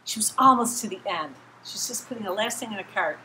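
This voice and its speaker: A woman giving a children's sermon, telling a Bible story in an animated way and acting out the voices of the people in it. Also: medium pitch, quick pace, slight background noise, rough recording. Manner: animated, acts out quoted voices, talks straight to kids. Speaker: children's message leader.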